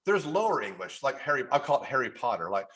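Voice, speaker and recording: This guest is a Kentucky-accented photographer from Kentucky, USA, talking fast in a mid-range voice. His casual interview storytelling is animated, full of restarted sentences and quotes he performs in others' voices.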